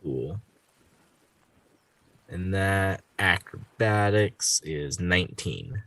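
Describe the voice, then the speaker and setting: A man with a very deep voice plays a tabletop game and talks in a laid-back, casual way. The recording is dry and close. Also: expressive, very slow, fairly bright tone, dry recording. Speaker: player.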